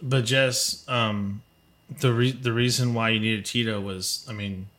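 A man co-hosting a casual wrestling podcast, rambling with halting restarts and a voice that trails off quietly. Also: on the low side, fairly even intonation. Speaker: podcast co-host. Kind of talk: casual wrestling review chat.

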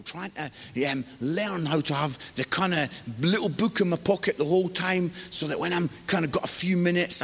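A man from the UK preaches with a notably high voice, spinning self-mocking stories and acting out the people in them. He sounds middle-aged, and his words ring on in a large reverberant hall. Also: fairly bright tone. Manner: chatty, self-mocking, acts out quoted voices. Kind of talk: sermon with humorous storytelling. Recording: live hall with long reverb.

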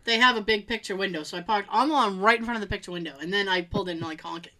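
Woman, middle-aged, podcast co-host, casual chat, profane storyteller, bright tone. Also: medium pitch, racing. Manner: profane, storytelling, imitates family in quotes.

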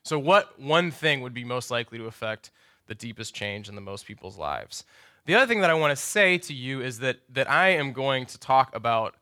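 Man giving a bright, lively chapel talk. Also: medium pitch, normal speed, no echo, clean studio sound. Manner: conversational, self-correcting, joking asides. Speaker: pastor. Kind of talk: chapel lecture.

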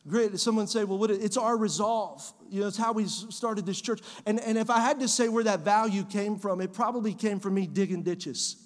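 A man preaching a sermon as pastor of his church, repeating phrases and building to shouts. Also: high voice. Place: church sanctuary. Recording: long hall reverb.

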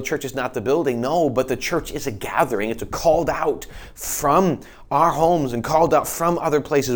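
A male pastor delivering a sermon in an earnest, emphatic voice of middle pitch. He presses his points with conviction, sometimes restarting a phrase mid-thought.

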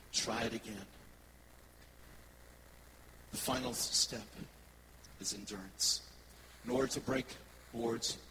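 Low-voiced man preaching a story-driven sermon. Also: background noise. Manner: animated storyteller, conversational with the congregation. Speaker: worship pastor.

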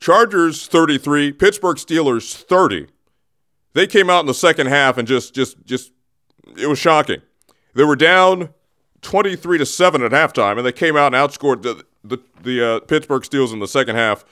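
A man's voice: a little high, moderate pace, pushed and bright. A man hosting a radio show in a studio, talking sports in a loose, digressive way and often interrupting himself. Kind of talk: casual rambling sports talk.

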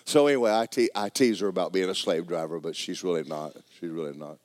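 A man preaching a sermon, swinging from loud exhortation to quiet, joking asides. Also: deep voice, quick pace, dry recording.

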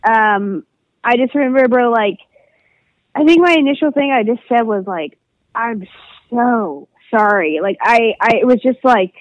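A woman with a high voice speaks haltingly as a podcast guest. She stops and restarts often and searches for words. The sound is dry and close. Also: no room sound, highs cut off. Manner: hesitant, halting, many fillers. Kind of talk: casual chat.

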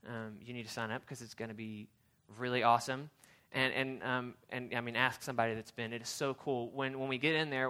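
A male youth pastor with a mid-range voice delivers a casual sermon built around storytelling. He is chatty and animated, with plenty of fillers and restarts.

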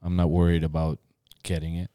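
A very deep, dark-voiced man who races through his words in a casual podcast chat. He fills his talk with fillers and keeps checking in with "right?". The sound is dry and close. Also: completely flat delivery, clear, resonant tone, no room sound. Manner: rapid, full of fillers and "right?". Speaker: podcast co-host.

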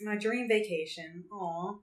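A woman's voice: mid-range voice, measured pace, reverberant, far from the mic. A woman guesting on a podcast in casual chat, chatty and laughing easily, with casual swearing.

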